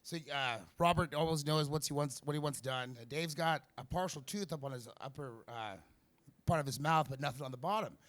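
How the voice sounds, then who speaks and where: A jittery man tries amateur stand-up in a vape shop's little comedy space, his jokes wandering and halting with constant fillers and false starts. He speaks in a fairly high, fairly bright voice.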